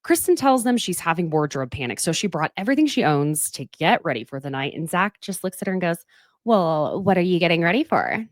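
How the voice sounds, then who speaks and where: A woman's voice: on the low side, brisk, no room sound, clean studio sound. A woman, hosting a casual podcast recap with lots of laughter and asides to listeners. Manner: animated, gossipy, laughs often, talks to listeners directly. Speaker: podcast host recapping a reality show.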